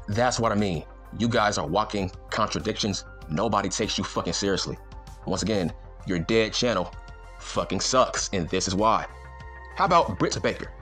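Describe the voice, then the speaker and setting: A man's voice: on the low side, brisk, fairly bright tone, soft background music. A man delivering an angry, profane, mocking rant to camera as a wrestling YouTuber. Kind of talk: angry ranting monologue.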